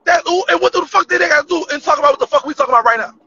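A man in a live-stream roast battle, brash and profane, shouting insults. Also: extremely high pitch, racing, dull audio, slight background noise.

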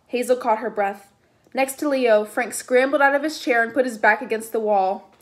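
A woman's voice: on the high side, moderate pace. Woman reading a novel aloud. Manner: plain, steady narration with casual asides. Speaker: reader.

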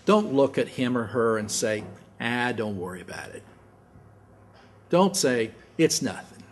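A male pastor preaching a sermon in an earnest way, often repeating words as he restarts and sometimes dropping to a soft hush. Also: medium pitch, big pitch swings, unhurried. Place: church sanctuary.

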